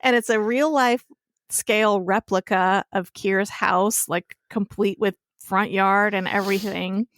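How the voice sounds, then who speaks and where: A young woman talks through a TV episode scene by scene, chatty and loose, swearing freely. Her pitch sits in the middle. The sound is close and dry, with no room around it. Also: fairly even intonation, measured pace, no echo. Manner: chatty storytelling with casual swearing. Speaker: podcast co-host. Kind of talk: casual TV recap chat.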